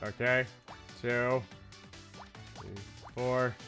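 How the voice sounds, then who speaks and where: A man's voice: mid-range voice, little pitch movement, drawn-out words, bright, forceful tone, faint music behind. A man playing a game on stream, chatting casually and reading character dialogue aloud in his own voice. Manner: reads characters in his own voice, laughs at his own attempts.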